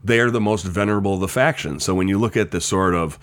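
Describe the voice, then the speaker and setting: Deep, low-pitched male podcast host; thoughtful, measured wrestling talk. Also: fairly bright tone. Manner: measured, thoughtful, careful about generalizing. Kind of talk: casual chat about wrestling.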